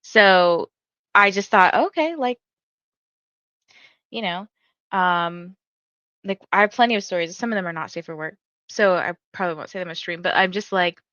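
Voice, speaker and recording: Young woman stream host, bright forceful voice, chatty, filler-heavy, dry slightly dull mic. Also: lowish voice, lively intonation, moderate pace, pauses often, dry recording. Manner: chatty storytelling, many "like" fillers, laughs often. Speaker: livestream host of reading sprints. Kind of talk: casual chat to livestream viewers.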